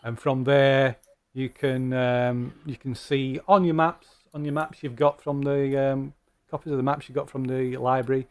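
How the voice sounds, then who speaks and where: Running a tabletop game as game master, a man narrates with many pauses, ums and restarts. His mid-range voice stays level and sounds a little mellow.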